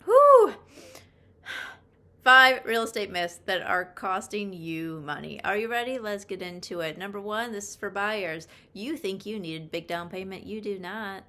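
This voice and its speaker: A woman's voice: medium pitch, normal speed, few pauses, pushed and bright. Chatty, emphatic woman realtor vlogging. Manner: chatty, emphatic, repeats points for stress; self-deprecating asides. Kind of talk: casual talking-head vlog.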